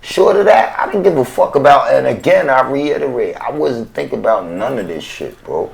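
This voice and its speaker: A man in a casual chat telling animated, profane stories in heavy slang. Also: medium pitch, moderate pace, creaky. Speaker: guest rapper.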